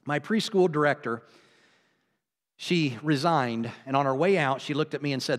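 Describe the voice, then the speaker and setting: Male pastor, sermon delivery, loud peaks and quiet asides, reverberant church hall. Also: moderate pace. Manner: swings from loud exclamations to low, quiet asides; laughs between points, conversational. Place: church sanctuary.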